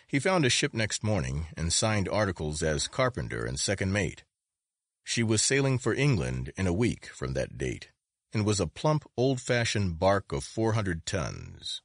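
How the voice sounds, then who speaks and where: A man's voice: deep voice, big pitch swings, unhurried, dry recording, studio quality. A man narrating an adventure story as an audiobook, reading expressively with varied intonation.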